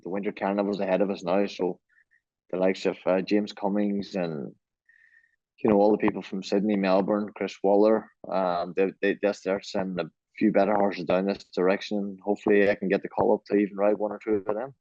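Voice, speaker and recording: Easygoing Irish jockey on a dull call line. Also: male voice, fairly low pitch, little pitch movement, fairly quick, mellow, no room sound. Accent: Irish, Donegal. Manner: easygoing, rambling, self-deprecating, many restarts. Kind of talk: remote interview, casual chat.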